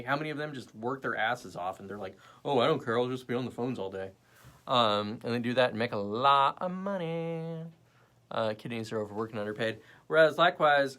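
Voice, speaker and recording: A young man hosting a casual livestream, rambling between topics and chatting with viewers in the comments. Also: mid-range voice. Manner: rambling, animated, jumps between topics and chat. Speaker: livestream host.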